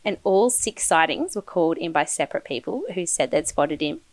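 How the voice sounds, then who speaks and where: A woman's voice: low voice, animated, brisk, dry recording. A woman hosting a casual true-crime podcast, telling the case in a gossipy way, swearing freely and laughing often. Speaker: podcast host.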